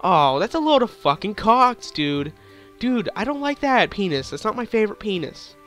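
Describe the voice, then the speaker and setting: A man's voice: high voice, big pitch swings, moderate pace, fairly bright tone, soft background music. A young man with a sore throat giving hyper, giggly, crude gameplay commentary, rambling on. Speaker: gaming YouTuber.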